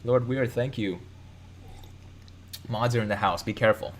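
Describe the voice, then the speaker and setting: A man's voice: medium pitch, normal speed. A man from Chicago hosting a live stream, reading out viewer comments in a loose, rambling way with many fillers and self-corrections.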